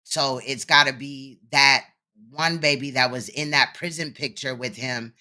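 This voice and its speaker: Guy hosting a live stream reacting to a clip, really sharp tense voice, matter-of-fact. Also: medium pitch, steady tone, measured pace. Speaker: host commenting on a clip. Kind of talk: livestream commentary.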